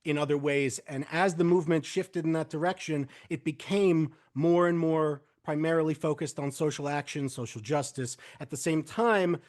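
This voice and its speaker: A man who is a guest rabbi on a podcast interview, speaking in a measured, hesitant way as he weighs his words. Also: a little high, a little mellow.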